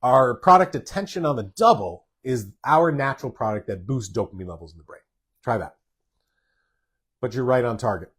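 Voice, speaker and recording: Going through viewer comments in a live Q&A, a doctor reads each question out and answers with plainspoken directness. His medium-pitched voice is animated, fairly bright, and breathy-edged, at a moderate pace.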